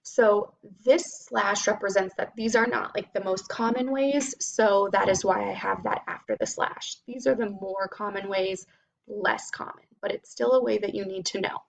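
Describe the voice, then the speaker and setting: A woman teacher giving a phonics lesson to children, spelling out sounds slowly and clearly. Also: mid-range voice, steady tone.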